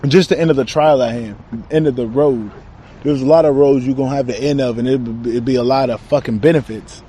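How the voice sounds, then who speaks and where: A man's voice: medium pitch, steady tone, brisk, warm tone, a little hiss or hum. A young man talking casually in a rambling spiritual monologue, slangy and trailing off, recorded outside. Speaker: self-described channeler.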